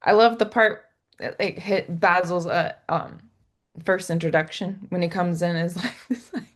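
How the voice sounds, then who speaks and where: A woman's voice: on the low side, steady tone, normal speed. A young woman co-hosting a podcast, chatting casually and retelling scenes with giggles and acted quotes. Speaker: podcast co-host. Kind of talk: casual chat.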